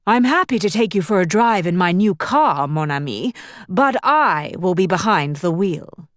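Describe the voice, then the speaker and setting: A woman voicing a young British gentleman, a future duke, who protests with teasing, mock-dramatic exasperation. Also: fairly low pitch, animated, moderate pace, no room sound, clean studio sound, close to an everyday voice. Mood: firm.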